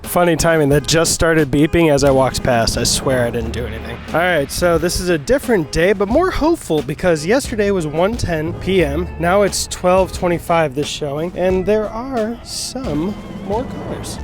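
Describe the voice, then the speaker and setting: A man vlogging casually to camera while heading to movie screenings, jokey and excitable, swearing freely and laughing mid-sentence. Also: on the high side. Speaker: movie vlogger and podcast host. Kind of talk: casual vlog talk to camera. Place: on the move between home, car and cinema.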